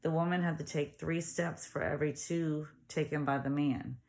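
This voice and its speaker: A woman narrating a novel aloud in a steady storytelling manner. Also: deep voice, normal speed. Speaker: audiobook reader. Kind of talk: audiobook narration.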